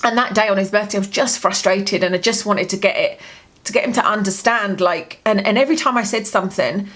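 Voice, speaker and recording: A woman's voice: mid-range voice, a little fast, a bit bright. A woman vlogging a personal grief diary, telling a long story in a candid, rambling way with many fillers, from home.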